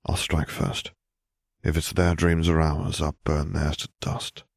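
A man reading the part of a determined young wizard in a quiet, low voice. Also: level tone, unhurried, vocal fry, breathy edge, no echo, studio quality, heavily acted.

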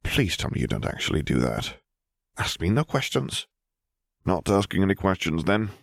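A man's voice: low voice, animated, normal speed, no room sound. A man voicing a wry, self-mocking young adult wizard in an audiobook reading. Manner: dry, self-mocking quips.

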